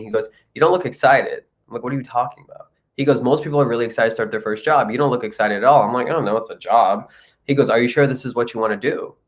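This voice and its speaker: A young man from India, a comedian and actor, telling his life story in a casual interview and acting out the people he quotes. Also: medium pitch.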